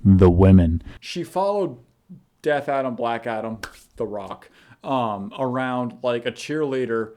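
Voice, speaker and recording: Man, casual film review chat, rambling, fillers, mid pitch. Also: animated, measured pace, warm tone, a little hiss or hum. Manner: rambling, hesitant, lots of fillers. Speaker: movie reviewer.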